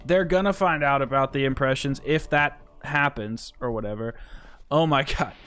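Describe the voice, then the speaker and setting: A man's voice: medium pitch, moderate pace, a bit bright, clear, resonant tone, soft background music. A man casually chatting on a live stream while gaming, rambling and reading chat aloud.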